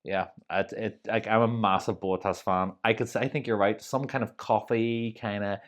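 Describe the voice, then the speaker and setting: A woman's voice: extremely low pitch, fairly even intonation, moderate pace. A woman co-hosting a podcast, telling stories in a chatty way with many asides. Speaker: podcast co-host. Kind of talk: casual chat.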